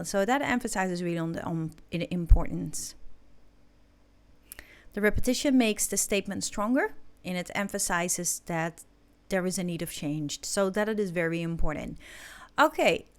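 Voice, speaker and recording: Woman teacher walking students through a lesson. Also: medium pitch. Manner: explains slowly, checks in with "okay" and "yeah". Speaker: English teacher. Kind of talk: recorded classroom lesson.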